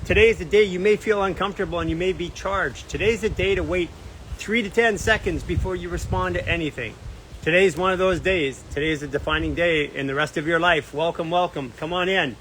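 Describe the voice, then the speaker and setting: Man, from Canada, live-stream host, casual and upbeat, high bright voice. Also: brisk, slight background noise, rough recording. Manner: upbeat, reads out viewer comments and places. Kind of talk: casual live-stream chat greeting viewers. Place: outdoors near a beach.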